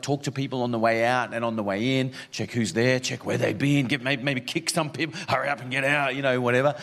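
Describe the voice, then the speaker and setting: A male pastor with an Australian accent, praying and then telling a story in a chatty, joking sermon with many fillers. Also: on the low side.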